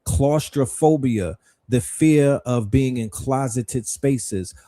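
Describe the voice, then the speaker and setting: A man's voice: medium pitch, takes it slowly, dark tone. A middle-aged man hosting a livestream, speaking in a rhetorical, questioning style with blunt profanity. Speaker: livestream host. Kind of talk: livestream commentary.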